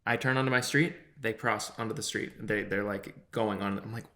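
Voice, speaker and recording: Young male podcast co-host, bright forceful tone, animated storyteller who acts out quotes. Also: fairly low pitch, moderate pace. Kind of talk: casual chat, storytelling.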